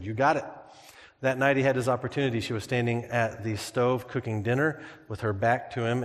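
A man delivers a sermon in a church sanctuary, speaking at a middle pitch in an easygoing, conversational way, with jokes and stories mixed in. His voice carries a long reverb from the large hall. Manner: conversational preaching with humor and anecdotes. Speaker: pastor.

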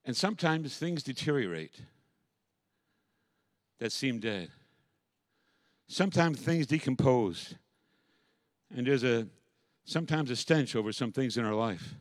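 A man preaching a sermon as pastor, moving from quiet, reflective passages to loud, impassioned calls. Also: mid-range voice, lively intonation, measured pace, pauses often, no room sound.

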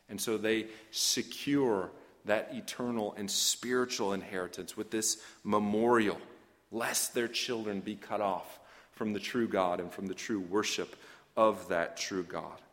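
A man's voice: fairly low pitch, big-room sound. A man preaching an expository sermon, earnest and emphatic, often asking questions of his listeners.

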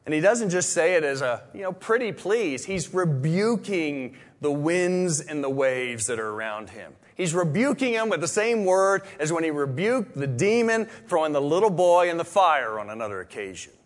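A man preaching a sermon in a conversational way, full of restarts, swinging from loud exclamations to hushed whispers. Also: a little high, animated, moderate pace, few pauses. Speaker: pastor.

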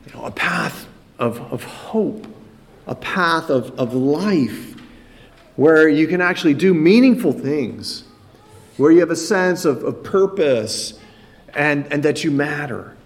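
A man's voice: a little high, lively intonation, slow pace. A man preaching a sermon, earnest, often repeating words as he builds a point. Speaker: pastor.

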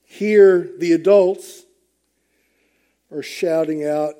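A man's voice: a little high, drawn-out words, warm tone. A man preaching a sermon to his congregation, emphatic, swelling and dropping with the message. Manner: emphatic, rising and falling with the message. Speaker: pastor.

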